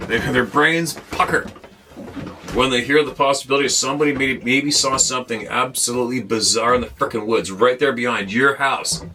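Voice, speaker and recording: This man's medium-pitched voice is bright and forceful, with a little hiss or hum on the recording. Hosting his show from a boat, he launches into a blunt, profanity-laden, exasperated rant to camera.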